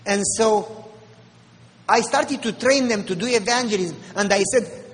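A man with a Romanian accent, a pastor preaching an animated storytelling sermon with mimicked voices. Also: high voice, measured pace, long reverb tail, a little hiss or hum, rough recording.

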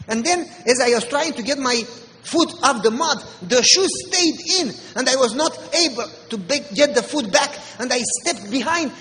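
A man with a Romanian accent, a pastor preaching an animated storytelling sermon with mimicked voices. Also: very high voice, normal speed, big-room sound, slight background noise, poor audio.

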